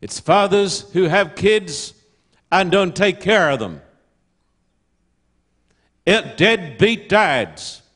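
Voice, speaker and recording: A man's voice: high voice, animated, extremely slow, pauses often, a bit bright. An older man preaching a sermon to an audience, emphatic and full of rhetorical questions.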